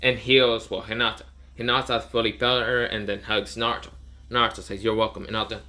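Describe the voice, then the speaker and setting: A man's voice: medium pitch, fairly even intonation, a little fast, pushed and bright. A man casually retelling a fan story, rambling with many fillers and self-corrections.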